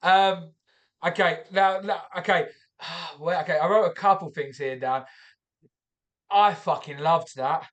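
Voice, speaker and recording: High-voiced man hosting, giving halting feedback. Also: fairly bright tone. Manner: hesitant, lots of fillers and restarts. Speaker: podcast host. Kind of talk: casual critique.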